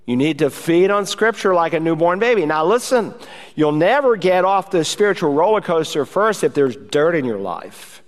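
A man's voice: on the high side, sing-song, normal speed, long reverb tail. A male pastor delivering an urgent, emphatic sermon to his congregation.

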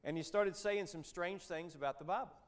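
A man in his fifties with a high-pitched, slightly fast voice gives a storytelling church talk as a Christian businessman and lay speaker. He's a folksy storyteller with dry humor, conversational and full of joking asides.

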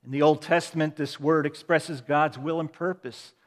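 Pastor preaching in a reverberant church. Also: male voice, a little high, steady tone, normal speed. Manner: preaching with repeated refrains and swells of emphasis. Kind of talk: sermon. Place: church sanctuary. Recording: long reverb of a large hall.

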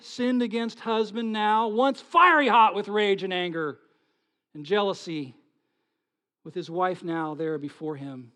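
A man with a high voice preaching a sermon to his congregation. He drops to hushed, almost whispered lines, then swells into loud, pleading passages. He keeps putting rhetorical questions to his listeners. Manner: dramatic swings from soft whispers to loud pleading. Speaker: pastor.

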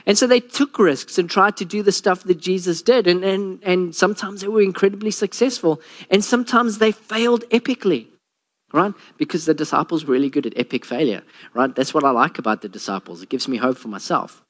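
A man, a pastor, preaching a sermon and telling a Bible story with lively acted-out quotes. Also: brisk. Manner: storytelling, acts out quotes with a lowered voice.

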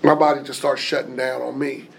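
A man telling a personal story in an animated way, acting out the voices of the people in it. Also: medium pitch, brisk, gravelly. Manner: animated, acts out quoted voices.

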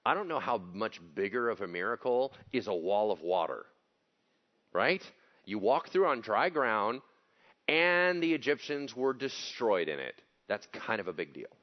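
A man's voice: on the low side, very animated, a little slow, muffled recording. Blunt, casual male pastor preaching. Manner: casual, blunt, acts out quotes in voices. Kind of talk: sermon.

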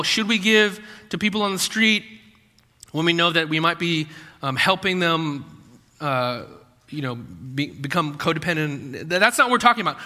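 A male pastor preaches conversationally, packing his sermon with rhetorical questions and acted-out quotes. His high voice is pushed and bright, and the recording has a long hall reverb.

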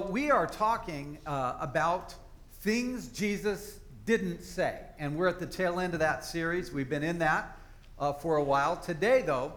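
A man's voice: fairly high pitch, a bit bright. A man preaching a sermon to his congregation in a conversational, folksy storytelling manner. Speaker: pastor. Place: church service.

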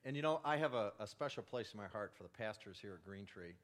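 A man's voice: lowish voice, lively intonation, quick pace. A middle-aged man, a church elder, giving a sermon in a chatty, self-deprecating way with light humor. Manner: self-deprecating, conversational, warm asides.

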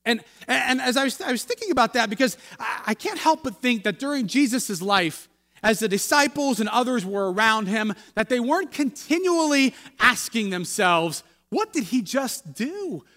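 A man preaching a sermon in a conversational, halting way, with frequent restarts. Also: very high voice, animated, sharp tone, big-room sound. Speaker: pastor. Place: church.

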